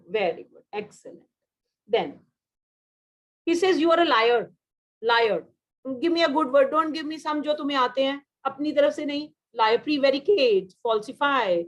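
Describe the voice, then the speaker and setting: A woman's voice: high voice, poor audio. Indian woman teacher drilling vocabulary. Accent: Indian English. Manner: switches into Hindi mid-sentence, drills words, quick praise. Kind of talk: online vocabulary class.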